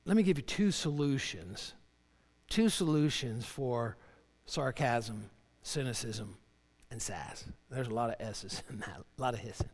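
A male pastor delivering a sermon, moving between loud, dramatic readings and quiet, low emphasis. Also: moderate pace, big-room sound. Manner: animated preaching, voicing Job's cries with rising pitch and dropping low for emphasis.

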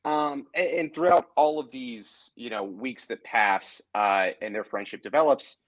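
A man's voice: medium pitch, unhurried, a bit bright, no room sound. A man casually recapping an episode's plot on a podcast, rambling with lots of fillers and restarts. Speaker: podcast co-host. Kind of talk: casual chat, summarizing a TV episode.

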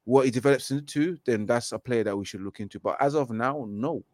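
A man who grew up speaking French chats casually about football as a co-host, with a relaxed, laid-back delivery. His voice has an ordinary pitch and is recorded close and dry. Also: fairly quick, no room sound. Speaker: podcast co-host.

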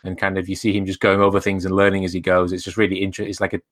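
A man co-hosting a casual podcast, talking in a relaxed, halting way with many fillers. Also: low-pitched, dry recording. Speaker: podcast co-host. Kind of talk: casual chat.

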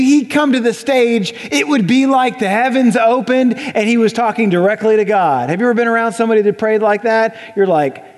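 Man, sermon, high voice, animated, conversational, long church reverb. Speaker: pastor. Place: church sanctuary.

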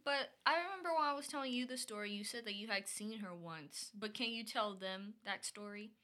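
A woman's voice: medium pitch, fairly quick, pushed and bright. A woman guest on a podcast, chatting casually and making blunt, joking asides. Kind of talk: casual chat.

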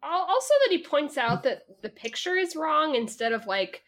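A woman's voice: sits high, lively intonation, moderate pace, fairly bright tone. A woman co-hosting a podcast, chatting with sardonic, exasperated comments and laughing along. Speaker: podcast co-host. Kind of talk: casual chat.

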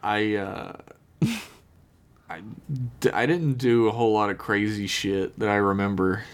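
A man's voice: on the low side, fairly even intonation, measured pace, clean tone. A man co-hosting a podcast, rambling and self-deprecating in casual chat. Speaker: podcast co-host.

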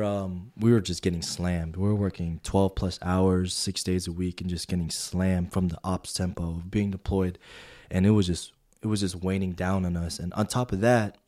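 A man's voice: low-pitched, darkish tone. A young man, a podcast co-host, telling a story in casual chat and animatedly quoting others.

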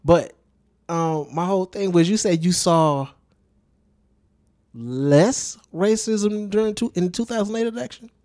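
A man's voice: sits high, measured pace, a little mellow, no room sound, clean studio sound. A man co-hosting a casual podcast, joking and asking his partner lots of questions. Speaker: podcast co-host. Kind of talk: casual chat.

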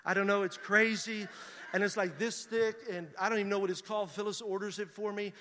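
A middle-aged man, a pastor telling a story in a sermon and building to loud preaching. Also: high-pitched, little pitch movement, fairly quick, a little hiss or hum. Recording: reverberant hall.

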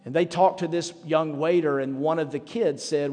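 A man's voice: fairly high pitch, steady tone, moderate pace, warm tone. A man preaching a sermon as pastor, telling stories in a conversational way. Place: church sanctuary. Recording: long hall reverb with faint music.

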